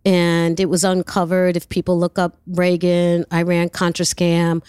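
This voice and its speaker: Blunt, animated New woman. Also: lowish voice, a little slow, smooth, no echo. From New York. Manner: animated, blunt, profane, acts out dialogue. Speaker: guest. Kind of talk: casual storytelling.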